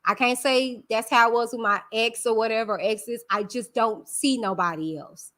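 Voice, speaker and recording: A woman's voice: a little high, normal speed, pushed and bright. A woman hosting a live stream, talking candidly and emphatically to her viewers, calling them y'all. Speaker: channel host.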